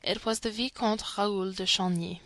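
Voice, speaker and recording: A woman narrates a classic novel at a middle pitch. The recording is dry and close, with no room sound. She reads steadily and lifts her voice for each character's quoted speech. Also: fairly even intonation, a little slow, a bit bright, no echo. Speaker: audiobook narrator. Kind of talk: scripted narration.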